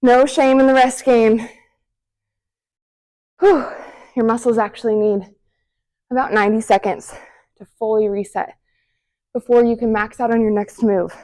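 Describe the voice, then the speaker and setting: A woman's voice: fairly high pitch, steady tone, unhurried, pauses often, a little mellow. A young woman leading a follow-along home workout, encouraging and counting down reps, audibly out of breath between sets. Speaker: fitness instructor.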